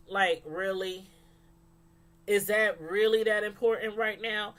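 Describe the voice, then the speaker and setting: A woman reviewing a TV show in casual chat, rambling, animated and full of fillers. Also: medium pitch, slow. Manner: animated, acts out quotes from the show; loose, rambling delivery with many fillers.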